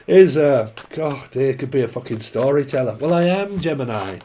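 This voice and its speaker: A man's voice: medium pitch, lively intonation, normal speed, dark tone. A man giving a casual, rambling tarot reading, joking and swearing freely. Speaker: tarot reader.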